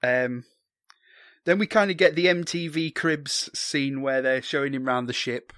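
A man's voice: medium pitch, unhurried, fairly bright tone, no echo, studio quality. Chatty man recapping a film. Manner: chatty, jokey, sweary, many ums. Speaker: podcast co-host. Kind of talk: casual film recap chat.

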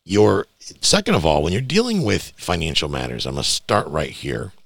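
Man, podcast host, gravelly, lively swings, blunt emphatic rant. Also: low-pitched, normal speed, no room sound, studio quality. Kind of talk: casual podcast monologue.

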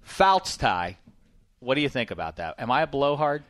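A man's voice: medium pitch, big pitch swings, moderate pace, dry recording. Boisterous man hosting football talk. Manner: boisterous, jokey, swings loud. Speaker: podcast host. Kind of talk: casual sports talk. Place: studio.

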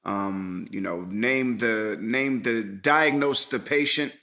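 A man co-hosting a podcast with a bright, forceful voice. He chats casually and jumps in with teasing, joking remarks. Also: fairly low pitch, slow pace. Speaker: podcast co-host. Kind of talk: casual chat.

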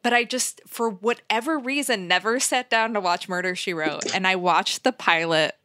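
A woman co-hosting a podcast in casual chat, chatty and quick to laugh, with animated asides. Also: medium pitch, no echo, clean studio sound. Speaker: podcast co-host.

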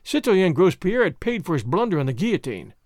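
Expressive male audiobook narrator. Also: high voice, brisk, dry recording, clean studio sound. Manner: expressive reading. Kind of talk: scripted narration of a classic novel.

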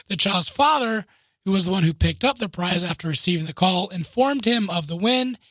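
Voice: mid-range voice, expressive, normal speed, fairly bright tone, dry recording. A podcast co-host chatting casually and reading a news story aloud, often breaking into laughs and asides.

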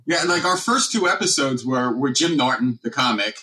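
A man's voice: medium pitch, lively intonation, moderate pace, sharp tone, recorded from a distance. A middle-aged man co-hosting a podcast, chatting casually and rambling enthusiastically. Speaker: podcast co-host.

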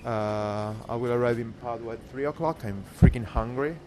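A man's voice: medium pitch, normal speed. A man talking casually to his camera while travelling by train and arriving at stations, rambling and talking to himself. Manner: rambling, self-talk. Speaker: cycling vlogger. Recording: noisy train ambience.

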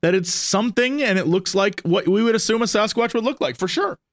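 A man with a high voice tells a story on a casual podcast, lively and animated, acting out what people said. The recording is close and dry, with no room sound. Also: fairly quick, no room sound. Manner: animated, acts out quotes with raised voice. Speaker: guest on a podcast.

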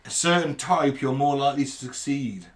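A man's voice: mid-range voice, moderate pace. A British man co-hosting a podcast in casual chat, relaying researched facts with jokes and swearing. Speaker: podcast co-host.

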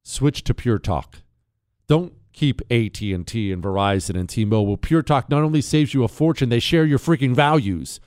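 A man's voice: medium pitch, expressive, moderate pace, a little mellow, clean tone, no room sound, studio quality. A man hosting a radio talk show, brash and sarcastic, reading ads and listener mail and laughing along. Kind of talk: talk radio monologue with ad reads. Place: radio studio. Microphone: studio mic.

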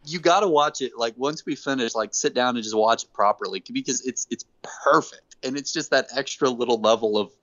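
A man hosting a casual chat, an animated storyteller who acts out quotes. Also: medium pitch, brisk, hardly any pauses. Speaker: podcast host. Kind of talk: casual wrestling recap chat. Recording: dull lo-fi recording.

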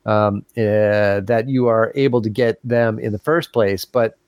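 A man's voice: fairly low pitch, steady tone, a little slow, no echo, lo-fi sound. A man hosting a casual podcast, chatting and reading listener emails aloud with easy laughs.

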